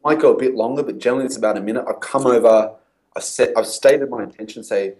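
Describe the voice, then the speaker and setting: A man's voice: mid-range voice, fast talker, darkish tone, rough recording. A man, a guest in an interview, telling stories and acting out past conversations. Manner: storytelling, acts out his own past dialogue. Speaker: guest copywriter.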